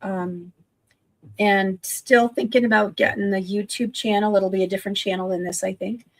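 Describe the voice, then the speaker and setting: Older woman with a gravelly, husky voice. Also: mid-range voice, fairly even intonation, moderate pace. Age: 60s. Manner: chatty, self-correcting, enthusiastic. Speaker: guest, online business owner. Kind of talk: casual livestream chat.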